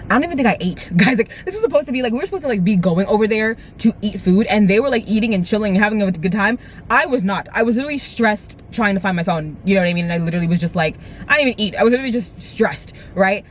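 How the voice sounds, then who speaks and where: Young adult storyteller, mid-pitch, rapid and animated, filler-heavy, casual profanity. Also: a little hiss or hum. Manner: fast, rambling retelling full of "like" and "right?"; animated, swears freely. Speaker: vlogger. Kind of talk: storytime vlog.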